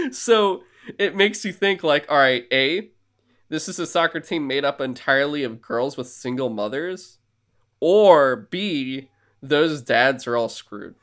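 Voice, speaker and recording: Excitable guy rambling through a movie recap. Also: medium pitch. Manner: excitable rambling recap, swears, lots of fillers. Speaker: podcast co-host. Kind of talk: casual podcast chat.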